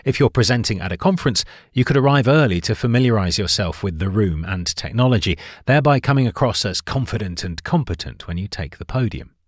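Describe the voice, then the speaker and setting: A man with a fairly low voice narrates a nonfiction book summary, his pitch moving up and down a lot as he leans on key words. The delivery is clear and measured, recorded close and dry with no room sound. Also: animated, no room sound.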